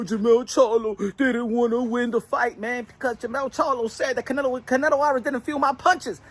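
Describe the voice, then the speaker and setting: A man hosting a casual boxing commentary vlog, animated, slangy and joking. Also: very high voice, breathy edge, no echo.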